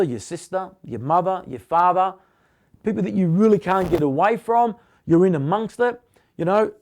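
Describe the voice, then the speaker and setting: Punchy high-voiced motivational man. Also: a little mellow. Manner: punchy, blunt, repeats short commands. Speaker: motivational host. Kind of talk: motivational talk answering viewer questions.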